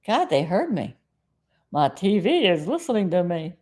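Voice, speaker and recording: A woman's voice: mid-range voice, very animated, moderate pace, a little mellow. A middle-aged woman from South Florida hosting a casual live stream, chatting in a meandering way and often losing her train of thought.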